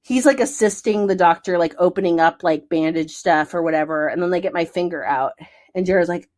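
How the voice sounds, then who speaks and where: A woman's voice: lowish voice, a little fast. Chatty woman telling a story. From American Midwest. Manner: animated storyteller, acts out quotes, frequent "like". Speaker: podcast co-host. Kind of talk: casual chat, storytelling.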